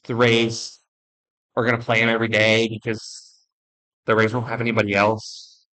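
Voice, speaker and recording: A young man ranking baseball players in casual commentary, blunt and joking, rambling with restarts and quick apologies. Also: fairly low pitch, monotone, bright, forceful tone, low-quality recording. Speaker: baseball video creator.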